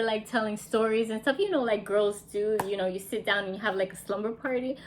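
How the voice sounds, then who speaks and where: A woman's voice: medium pitch, fairly even intonation, moderate pace, few pauses. A woman casually reviewing a classic movie, chatty and enthusiastic, with lots of fillers.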